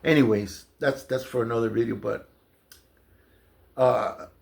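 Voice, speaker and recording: Speaking a little slowly with fairly even intonation, this man has a mid-range voice with vocal fry. He recounts his time in jail in a long, casual personal story, rambling with plenty of fillers and restarts.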